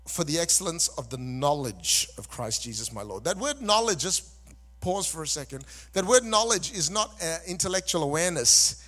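Male preacher, high voice, animated call-and-response delivery, large echoing church hall. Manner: animated, calls on the congregation to answer back; conversational asides between scripture readings. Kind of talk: sermon. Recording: long reverb in a large hall.

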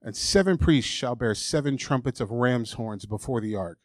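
A man's voice: mid-range voice, animated, normal speed, dry recording, studio quality. A man preaching a sermon, emphatic and candid, reading scripture aloud and acting out the doubting voices people hear. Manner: emphatic, candid, acts out mocking inner voices.

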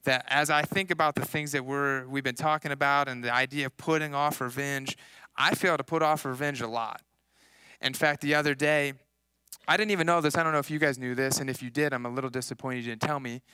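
Man in his thirties, pastor, casual sermon storytelling, bright clear voice, dry close sound. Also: medium pitch, a little fast, no room sound. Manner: casual, animated storytelling with acted-out quotes. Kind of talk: sermon with personal stories.

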